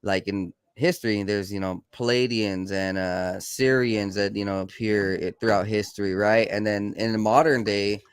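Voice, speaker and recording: A man in casual podcast chat with a smooth, resonant voice, recorded dry and close. He talks hesitantly, with many fillers and restarts. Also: lowish voice, fairly even intonation, normal speed, hardly any pauses, no echo. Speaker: podcast guest.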